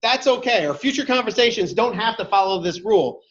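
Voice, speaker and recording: A man with a high, expressive voice runs a classroom workshop, speaking briskly and a bit brightly as he talks directly and conversationally and fields questions from the room. The recording sounds echoey, dull and lo-fi.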